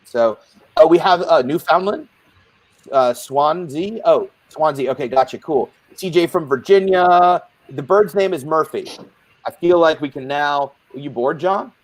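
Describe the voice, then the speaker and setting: A man's voice: on the high side, expressive, unhurried, no room sound. A man hosting and moderating a live support group panel in a playful, rambling, jokey way.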